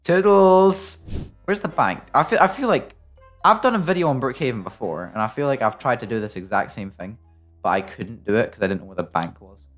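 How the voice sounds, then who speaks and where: A British man commenting on his own gameplay as a video creator, jokey and excitable, breaking into sudden loud yelps. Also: medium pitch, brisk, faint music behind. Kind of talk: playing a game and commenting.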